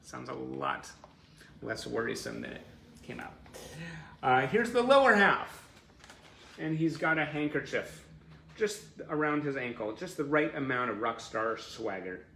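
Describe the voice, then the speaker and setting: A man's voice: mid-range voice, big pitch swings, a little slow, gravelly, a bit bright, echoey room, a little hiss or hum. A man casually commenting on photos during a fan livestream, chatty and playful with frequent fillers and asides.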